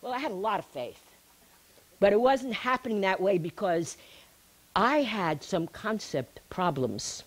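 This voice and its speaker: Lively, animated woman telling a story. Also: mid-range voice, measured pace. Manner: chatty and animated, laughing at her own story. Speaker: speaker giving a healing talk. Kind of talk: personal storytelling to a live audience.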